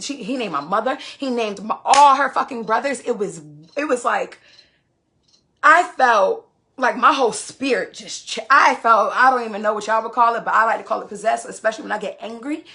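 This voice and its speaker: A woman's voice: fairly high pitch, a little fast, creaky, bright, forceful tone. A woman, telling a story on a phone livestream in a profane, emphatic way. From Queens, New York. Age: 20s. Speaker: live streamer.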